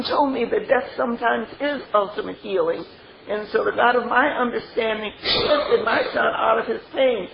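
On a dull lo-fi recording with faint noise, an older woman with a slightly high voice and vocal fry speaks at a moderate pace. She shares a heartfelt recovery testimony, laughing through her stories and often saying "you know."

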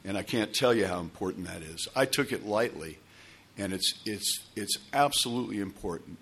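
A man's voice: on the low side, lively intonation, normal speed, fairly bright tone, slightly rough. A man telling a long personal story to a recovery group, rambling with restarts and asides. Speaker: speaker sharing at a recovery meeting.

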